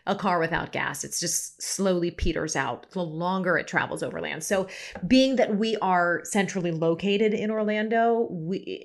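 A woman hosting her own talk podcast, chatting casually with listeners in the easy, polished way of a former TV news presenter. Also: medium pitch. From United States. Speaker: podcast host. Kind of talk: casual solo podcast chat.

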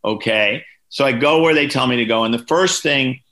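A man in his sixties, an author, telling lively stories as a podcast guest and acting out the people he quotes. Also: moderate pace. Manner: lively anecdotes, voices quoted people with big pitch jumps. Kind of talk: storytelling in a podcast interview.

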